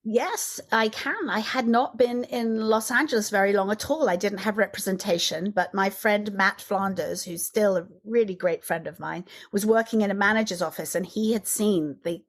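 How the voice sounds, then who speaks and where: A middle-aged woman swapping stories as a podcast guest, her pitch sitting in an ordinary middle range. She tells her anecdotes with energy and slips into the voices of the people she quotes. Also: normal speed, hardly any pauses. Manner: animated storyteller, acts out quotes. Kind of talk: casual interview chat.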